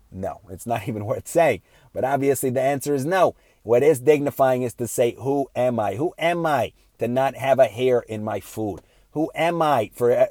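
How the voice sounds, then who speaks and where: A man's voice: mid-range voice, darkish tone, no room sound. Earnest man lecturing in a dry room. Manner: earnest, rhetorical questions, frequent "right?"; halting restarts with many fillers. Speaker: speaker giving a moral talk. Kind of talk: unscripted moral lecture.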